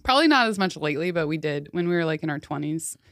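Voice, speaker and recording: A woman's voice: low-pitched, animated, fast, fairly bright tone, no room sound, clean studio sound. A young adult woman co-hosting a podcast, chatting casually and telling stories with lots of giggling. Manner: giggly storyteller, shrieks when acting out family members. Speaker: podcast co-host. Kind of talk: casual chat.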